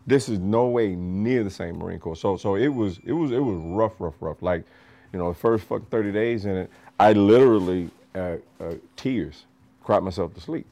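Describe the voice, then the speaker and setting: A low-voiced man from the rural United States tells profane stories at a moderate pace in a casual storytelling style. He's a podcast storyteller and martial arts master, animated and profane, and he laughs often.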